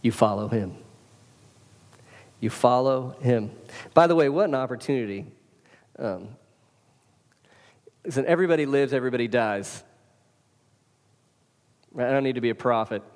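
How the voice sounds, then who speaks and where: A man's voice: mid-range voice, a little mellow. A man preaching a sermon as pastor, casual and emphatic, speaking straight to his congregation. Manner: casual, emphatic preaching with direct address to listeners. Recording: hall reverb.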